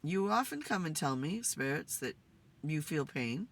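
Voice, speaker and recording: A woman host talking to spirits in a casual, musing way, tired and low on energy. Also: big pitch swings, a little slow. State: tired, yawning. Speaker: spirit communicator and channel host. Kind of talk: casual spirit session monologue. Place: in a car.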